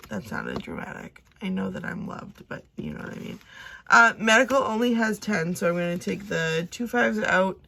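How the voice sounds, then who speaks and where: A young woman chatting casually as she counts and sorts cash, talking to herself now and then and dropping into soft whispers. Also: mid-range voice, very animated, normal speed, creaky, a little hiss or hum. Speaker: budgeting vlogger.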